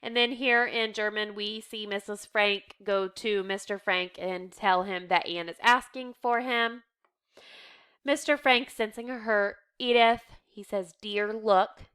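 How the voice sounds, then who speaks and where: Woman reading stage directions, steady and plain, clear tone. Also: mid-range voice, measured pace. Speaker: reader. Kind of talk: reading a play script aloud.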